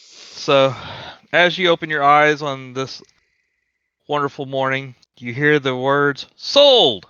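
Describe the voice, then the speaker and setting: A man running a tabletop game over voice chat, easygoing and quick. His voice is bright, crisp and clear. The mic sounds dry and somewhat dull. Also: mid-range voice, flat delivery, no echo. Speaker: dungeon master.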